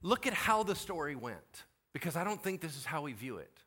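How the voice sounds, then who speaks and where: An animated male pastor delivering a sermon in a high, bright voice. His pitch swoops widely as he drops into casual, slangy impressions of the characters in his story. He is preaching in a church. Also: brisk, breathy edge.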